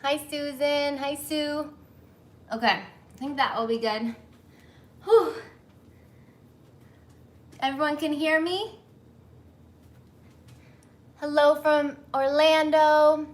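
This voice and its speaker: A woman's voice: high voice, slow, pauses often. Chatty woman hosting a baking livestream. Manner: chatty, apologetic, reads comments aloud. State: sweating in humid kitchen, flustered. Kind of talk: casual live chat, greeting viewers. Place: home kitchen.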